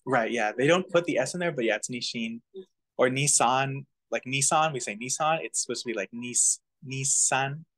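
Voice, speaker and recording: A man's voice: medium pitch, a little fast. A man teaching a casual community language class, chuckling now and then and demonstrating pronunciations. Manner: relaxed, chuckling, many fillers, demonstrates pronunciation.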